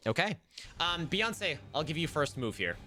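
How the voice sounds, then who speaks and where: A man narrating a tabletop game as its game master, with a bright, ringing tone. He talks loosely and casually, full of "um"s and small restarts. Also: on the high side, moderate pace, soft background music. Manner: relaxed, rambling with fillers.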